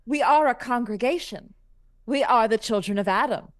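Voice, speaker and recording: A woman playing her character in a tabletop role-playing game, speaking slowly and earnestly. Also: a little high, no room sound, studio quality. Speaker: player.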